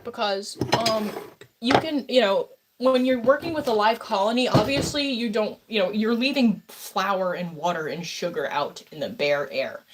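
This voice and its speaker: A woman livestreamer chatting casually with her viewers as she bakes, rambling and talking straight to her chat. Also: mid-range voice. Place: home kitchen.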